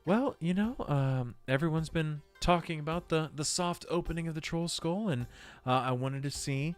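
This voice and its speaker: A man's voice: fairly high pitch, normal speed, clean tone, faint music behind, pitched above the performer's own voice, lightly acted. A man voicing a polite, friendly female cleric in a tabletop game, speaking in a raised voice with small hesitations. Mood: welcoming.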